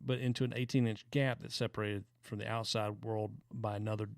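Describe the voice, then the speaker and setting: A man's voice: lowish voice, little pitch movement, a little fast, creaky, no room sound, clean studio sound. A man with a Southern US accent co-hosting a casual podcast, reading odd news stories aloud in a laid-back, hesitant way with many fillers. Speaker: podcast co-host.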